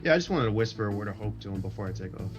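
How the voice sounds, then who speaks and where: A man playing a tabletop game who speaks hesitantly and gently about his character. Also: lowish voice, lively intonation, rapid-fire, soft background music. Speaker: player. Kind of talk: casual tabletop play.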